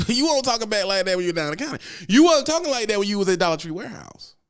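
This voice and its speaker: Animated slangy man on a live stream. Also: sits high, quick pace, clean tone. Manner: animated, slangy, teasing, reads chat aloud. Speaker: trucker streamer. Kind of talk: casual live-stream chat.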